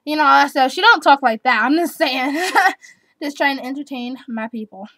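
Brief: eleven-year-old girl vlogger, high-pitched, chatty and giggly, dry close sound. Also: moderate pace, a bit bright, no echo. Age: child, eleven. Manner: chatty, giggly, rambling with restarts and repeats. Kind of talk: casual chat answering tag questions.

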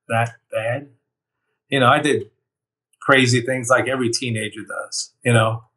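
A man speaks in an earnest, heartfelt way, recounting his own experience with frequent "you know"s. His voice sits at an ordinary middle pitch. He sounds a little distant from the microphone. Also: fairly bright tone. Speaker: near-death experience survivor. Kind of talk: personal testimony.

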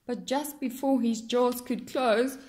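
Lady reading a rhyming kids book, high lively voice, takes it slow. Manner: sing-song, expressive. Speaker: storyteller.

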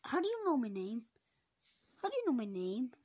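A woman's voice: a little high, big pitch swings, moderate pace, darkish tone, breathy edge, dry recording. A woman voicing a sleepy, grumpy grown man who keeps complaining in exasperation. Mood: exasperated. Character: sleepy grumpy adult male plumber.

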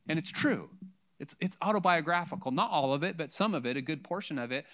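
A man's voice: fairly high pitch, animated, moderate pace, fairly bright tone. A male pastor giving a sermon in church, talking casually and acting out the voices of the psalm writers.

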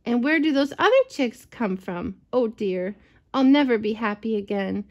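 A woman's voice: fairly high pitch, animated, darkish tone, muffled recording. A woman doing a fretful mother hen. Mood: worried. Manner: fretful, rushed.

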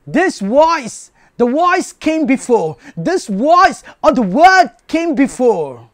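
A man's voice: very high-pitched, sing-song, slow, a bit bright, no echo, studio quality. A man preaching a sermon, emphatic and repetitive, asking rhetorical questions.

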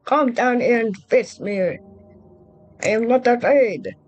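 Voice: medium pitch, slow pace, dry recording. Luigi, a performer doing a jumpy scared plumber man. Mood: defiant. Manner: frantic cries and pleading, repeating himself. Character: timid young adult plumber man, jumpy and easily scared. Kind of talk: fan-made Minecraft role-play.

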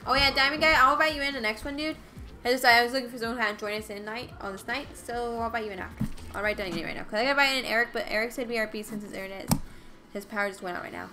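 A woman's voice: on the high side, steady tone, racing. A woman hosting a casual gaming livestream, chatty and upbeat, greeting viewers by name. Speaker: livestream host. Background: game music.

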